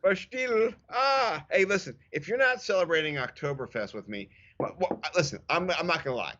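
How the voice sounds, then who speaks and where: A man in his thirties co-hosting a casual fantasy football podcast, telling stories with lively acted-out quotes. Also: on the high side, normal speed, highs cut off. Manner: animated storyteller, acts out quotes. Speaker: podcast co-host. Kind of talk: casual sports chat.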